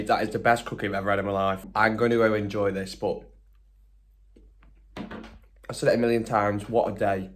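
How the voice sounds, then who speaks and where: Chatty young man. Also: lowish voice. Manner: enthusiastic and chatty, lots of exclamations. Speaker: vlogger. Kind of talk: casual food vlog.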